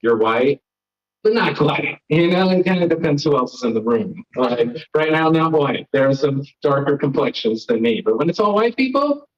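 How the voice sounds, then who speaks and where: On a comedy stage, a young comedian and host from Florida speaks at a moderate pace in a fairly high, very animated voice. He rambles through his stand-up, self-deprecating and bantering with the audience, heard through lo-fi live stream sound.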